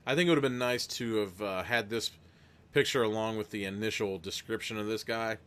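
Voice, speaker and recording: A man's voice: fairly low pitch, brisk, fairly bright tone, clean tone. Rambling man hosting a gamebook stream. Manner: rambling, self-deprecating asides. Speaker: game host reading a gamebook. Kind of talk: live-streamed interactive story reading.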